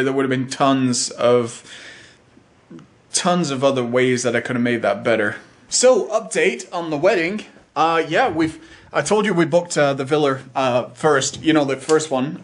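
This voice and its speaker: A young man chatting casually on a vlog, rambling with lots of uhs and ums. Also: on the high side. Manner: rambling, full of uh and um. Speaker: vlogger. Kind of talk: casual chat.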